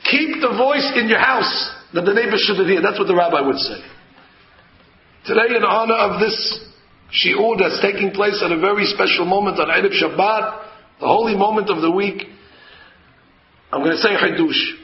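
A man with a high voice delivers a lively Torah class, telling stories and acting out the people in them. The sound is echoey and dull, like a lo-fi room recording. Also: moderate pace. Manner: animated storytelling, acting out a flustered husband. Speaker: rabbi teaching a Torah class. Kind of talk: sermon-style Torah class.

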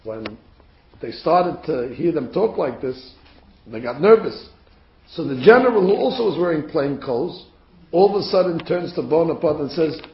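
Animated male Torah teacher, high voice, storyteller; echoey, lo-fi room. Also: moderate pace. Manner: animated storyteller, rising to emphatic peaks. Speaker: religious teacher. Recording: roomy, dull recording.

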